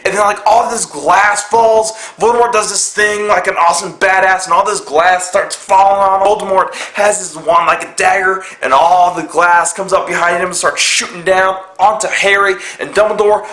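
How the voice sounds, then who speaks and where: A young man casually reviewing a film, excitable and profane, retelling scenes with mock voices. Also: sits high, reverberant. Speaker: movie reviewer.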